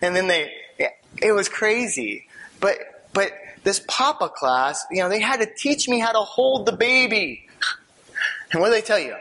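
This man's voice is high-pitched and moves at a moderate pace as he tells an audience his personal testimony. His storytelling is animated, full of laughter, shifting from hushed asides to excited outbursts.

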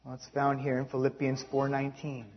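A man preaching a sermon, telling a story in an animated way and reading quotes aloud. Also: mid-range voice, fairly quick. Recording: dull lo-fi recording.

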